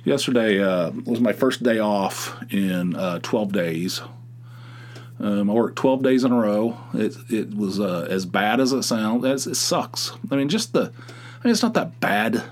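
A man's voice: on the low side, lively intonation, a little slow. A middle-aged man from Pennsylvania hosting a solo podcast, rambling and grumbling in casual chat, with frequent restarts and "you know"s. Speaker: podcast host.

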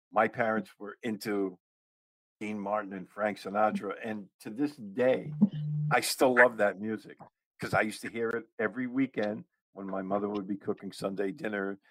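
A man's voice: on the low side, fairly bright tone, dry recording, poor audio. A man from the Boston area with a thick Boston accent, hosting a casual interview and laughing easily. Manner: easygoing, laughs often, chatty. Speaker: podcast host.

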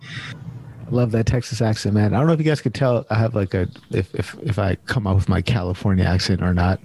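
A man hosting an online happy hour over a video call, chatting in a relaxed way and calling people "man". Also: fairly low pitch, a little fast, creaky, breathy edge. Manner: laid-back, chatty, says "man" often. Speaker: host. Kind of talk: casual chat.

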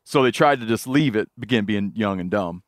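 A man's voice: fairly low pitch, expressive, brisk, no echo, clean studio sound. A man hosting a podcast, telling rambling fishing stories and laughing along in casual chat. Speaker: podcast host.

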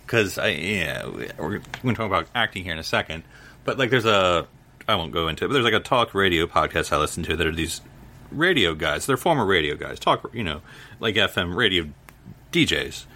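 A man's voice: low-pitched, expressive, brisk, pushed and bright. A man co-hosting a podcast, chatting casually and rambling with lots of fillers. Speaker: podcast co-host. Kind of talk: casual chat.

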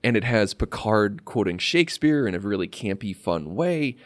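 Man, podcast co-host, low voice, animated, dry sound. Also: normal speed, dry recording. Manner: chatty, rambling with fillers and restarts. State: slight cough. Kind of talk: casual podcast chat.

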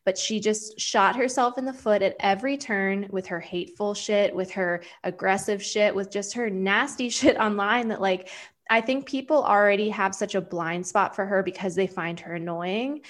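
A woman's voice: mid-range voice, moderate pace. A woman co-hosting a podcast, giving wry, self-deprecating analysis of reality TV. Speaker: podcast co-host. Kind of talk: casual chat recapping reality TV.

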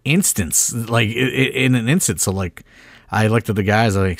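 Low-voiced man telling rambling backstage stories. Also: normal speed, no echo. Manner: rambling, filler-heavy storytelling with mild swearing. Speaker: podcast co-host, wrestling promoter. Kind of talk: casual chat.

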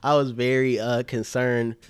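A man's voice: mid-range voice, little pitch movement, measured pace, clear, resonant tone, no room sound, studio quality. A young man casually telling a funny story on a podcast, laid-back and slangy, swearing freely. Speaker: podcast co-host.

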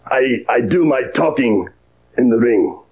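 A sneering, arrogant Russian heel wrestler, with a fake Russian accent. He drags out slow, contemptuous broken English. The sound is dull and lo-fi, like old archival TV. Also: medium pitch, animated. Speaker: wrestler in promo.

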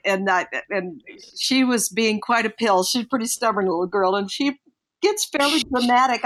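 An older woman co-hosting a casual podcast, telling parenting stories in an earnest, reflective way and brightening when she quotes people. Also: mid-range voice. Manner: earnest, reflective, animated when quoting others. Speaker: podcast co-host, parenting guest. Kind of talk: casual podcast chat, storytelling.

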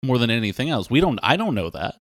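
A man co-hosting a comedy podcast who adds deadpan, joking asides to the banter. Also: medium pitch, quick pace, dry recording, clean studio sound. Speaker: podcast co-host.

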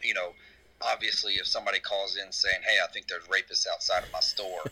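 A young man, a podcast guest telling a story in a halting way. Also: sits low, fairly even intonation, sharp tone, rough recording. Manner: halting, full of fillers and restarts. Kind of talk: casual podcast chat.

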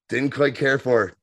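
A man co-hosting a podcast, talking with eager, self-interrupting enthusiasm. His voice sits at an average pitch and sounds dry and close to the mic. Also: fairly bright tone, no echo. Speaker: podcast co-host. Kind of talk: casual chat.

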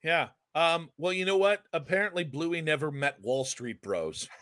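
A man's voice: fairly high pitch, lively intonation, normal speed, fairly bright tone, dry recording, clean studio sound. A man co-hosting a sports talk show, ranting with fiery sarcasm. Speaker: sports radio co-host.

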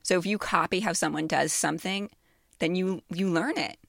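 A woman's voice: lowish voice, normal speed, creaky, fairly bright tone, no room sound. A woman co-hosting a writing podcast, explaining her view earnestly and teasing playfully, recorded in a university studio. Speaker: podcast co-host and writing teacher. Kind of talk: casual chat.

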